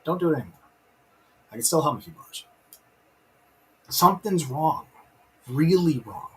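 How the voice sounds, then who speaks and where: A man's voice: on the high side, expressive, normal speed, a bit bright, husky, rough recording. A man hosting a casual live stream, enthusiastic and rambling, breaking off to read out chat comments. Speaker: live-stream host reviewing a TV episode.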